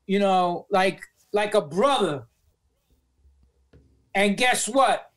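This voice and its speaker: A man with a New York accent telling profane, animated stories as a podcast guest, acting out the voices of people he quotes. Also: sits high, drawn-out words. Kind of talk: storytelling in a podcast interview.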